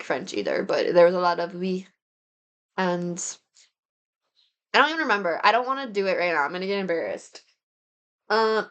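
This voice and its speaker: Young woman vlogger, casual and rambling, filler-heavy recap chat. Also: mid-range voice. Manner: chatty, rambling, lots of "like" and "um". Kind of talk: casual monthly recap vlog.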